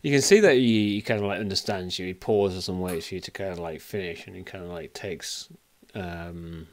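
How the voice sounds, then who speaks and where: A man's voice: low voice, normal speed. A man narrating as game master of a tabletop game, hedging with "kind of, like". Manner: hesitant, many "kind of, like" fillers.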